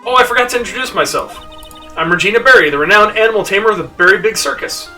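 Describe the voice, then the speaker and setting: A man voicing a perky, carefree young woman animal tamer in a video game, in a bubbly, squealing high voice. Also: fast, bright, forceful tone, far from the mic, soft background music. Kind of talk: voicing game dialogue on a live stream.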